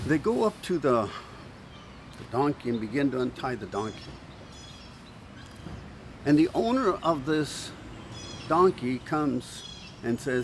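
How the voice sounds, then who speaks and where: A male pastor preaching with animated storytelling, acting out quoted voices and restarting words often. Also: mid-range voice, unhurried, pauses often, a little hiss or hum. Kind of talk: sermon.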